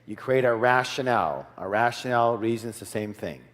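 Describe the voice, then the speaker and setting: A man giving a live seminar talk, lively, quizzing the audience with call-and-response questions. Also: medium pitch, brisk. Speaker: seminar speaker. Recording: long hall reverb.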